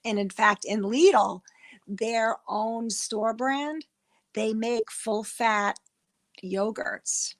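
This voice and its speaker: Chatty middle-aged woman with a gravelly voice. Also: fairly high pitch, very slow. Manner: chatty, rambling, frequent restarts. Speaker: livestream host. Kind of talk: casual livestream chat with chat readers.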